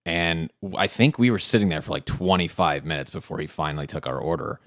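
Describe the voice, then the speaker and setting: A man's voice: extremely low pitch, fast talker, no room sound, studio quality. A man co-hosting a podcast, telling a long story in a rambling, casual way with lots of "like" and some swearing. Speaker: podcast co-host.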